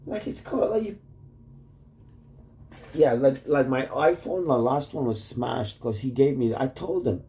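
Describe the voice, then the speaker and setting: A man's voice: mid-range voice, expressive, unhurried, long pauses, warm tone. A man rambling in a casual video message to his wife, swearing often and restarting his sentences with "like". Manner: rambling, profane, full of "like" and restarts. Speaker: vlogger addressing his wife.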